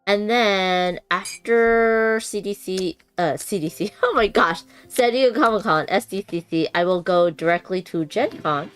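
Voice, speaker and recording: A woman's voice: medium pitch, a little slow, few pauses, clean tone, no room sound, soft background music. A woman chatting casually with her live-stream viewers while unboxing a board game, bubbly, laughing often and using many fillers. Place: home room with noisy bathroom upstairs.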